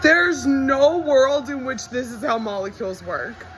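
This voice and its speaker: A woman's voice: sits high, unhurried, a bit bright, soft background music. A young woman in casual movie reaction commentary, chatty and wry, often incredulous and laughing.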